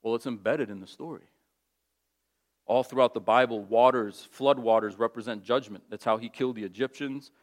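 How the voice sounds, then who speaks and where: A man's voice: mid-range voice, steady tone, moderate pace. A man preaching a sermon in a casual, conversational way, telling stories with lots of animation. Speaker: pastor.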